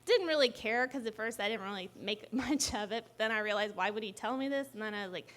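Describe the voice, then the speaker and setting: A young woman telling a personal story live, animated and often laughing as she talks. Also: on the high side, quick pace.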